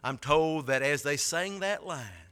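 A man preaching a sermon, telling a story and building to loud, impassioned peaks before dropping low again. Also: expressive, a little slow.

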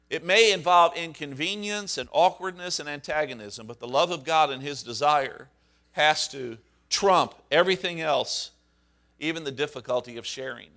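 A man's voice: medium pitch, sharp tone. A man, a pastor, preaching a sermon in a conversational, storytelling way with fillers and restarts.

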